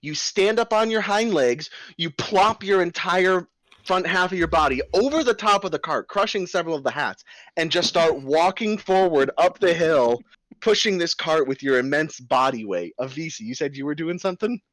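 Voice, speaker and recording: A man narrating a tabletop game as game master, telling the scene vividly with quick restarts. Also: on the high side, no room sound. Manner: animated, vivid storytelling with hesitant restarts.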